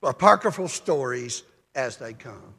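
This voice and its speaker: An older man preaching a sermon as a pastor, telling folksy stories in a calm, measured way. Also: mid-range voice, breathy edge, in a large hall.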